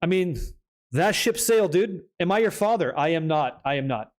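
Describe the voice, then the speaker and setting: A man's voice: sits high, lively intonation, normal speed. A young man hosting a live stream, reading chat aloud and joking in a casual, hyped way with some swearing. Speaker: streamer host.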